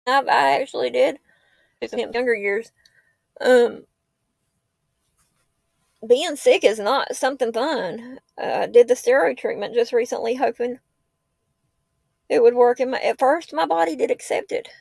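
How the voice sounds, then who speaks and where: A woman's voice: a little high, measured pace, vocal fry, long pauses, darkish tone, dry recording. A woman, rambling and heartfelt in a tearful casual livestream chat. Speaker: livestream host. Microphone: laptop or phone mic.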